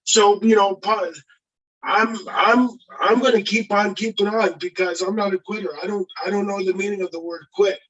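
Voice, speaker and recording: A man from Windsor, Ontario speaks earnestly in a casual livestream chat, with a high, bright and slightly husky voice. He sounds distant from the mic, as if joining over a call. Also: flat delivery, moderate pace, muffled recording. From Windsor, Ontario, Canada. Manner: earnest, determined, a bit rambling. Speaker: guest YouTuber.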